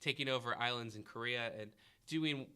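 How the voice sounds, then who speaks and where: A man's voice: medium pitch, normal speed, sharp tone, smooth. A man hosting a history review podcast, asking a student questions and encouraging the answers. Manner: questioning, encouraging, thinking aloud. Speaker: history teacher and podcast host.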